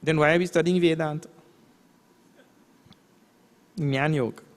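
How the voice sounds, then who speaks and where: A man's voice: a little high, fairly even intonation. A man, a swami, giving a spiritual lecture, explaining scripture terms and asking rhetorical questions. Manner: recites verses in a slow chant. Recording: long hall reverb.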